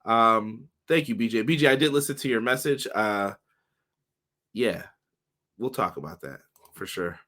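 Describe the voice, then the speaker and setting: Slightly hoarse upbeat podcast host man. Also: lowish voice, measured pace, pauses often, pushed and bright. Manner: upbeat, greets chat viewers by name. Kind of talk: casual livestream chat.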